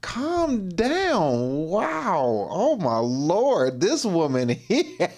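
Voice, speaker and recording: Animated man reacting in loose slang. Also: sits high, very slow. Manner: slangy, exclaiming, laughing often. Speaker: livestream host. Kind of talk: casual reaction commentary.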